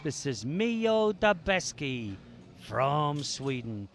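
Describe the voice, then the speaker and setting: A man giving calm, measured live commentary on a powerlifting competition. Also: on the high side, slight background noise.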